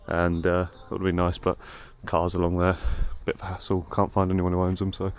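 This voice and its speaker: A man's voice: sits low, completely flat delivery, brisk. A man working as a tree surgeon, giving a matter-of-fact, casual rundown of the job. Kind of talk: casual vlog narration. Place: outdoor work site. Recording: noisy outdoor recording.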